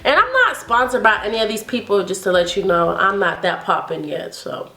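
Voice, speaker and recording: A woman's voice: medium pitch, lively intonation, brisk, pushed and bright, roomy sound, faint music behind. A woman vlogging about hair care in a chatty, upbeat and encouraging way. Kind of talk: casual vlog talk to camera.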